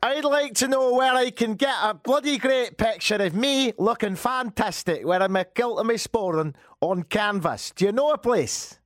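A man's voice: sits high, moderate pace, few pauses, no room sound, clean studio sound, pitched above the performer's own voice, close to an everyday voice. A radio host putting on a chirpy Scottish man's voice in a playful ad read, in a jaunty, folksy manner. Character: Scottish man chatting up a canvas print shop.

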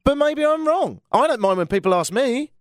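A man's voice: very high-pitched, expressive, normal speed, dry recording, clean studio sound. A middle-aged man from England with a London accent, hosting a call-in radio show in a chatty, jokey, self-mocking way. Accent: London English. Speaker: radio phone-in host. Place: radio studio.

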